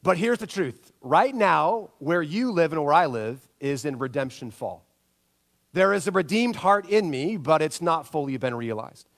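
High-voiced man preaching a lively sermon. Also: normal speed. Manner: animated storytelling, acts out quotes with big pitch jumps. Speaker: pastor.

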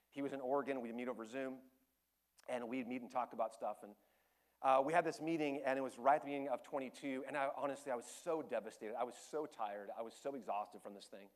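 A man pastor preaching a sermon, telling a personal story candidly and emotionally, dropping to a hush and then rising animatedly. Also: on the high side.

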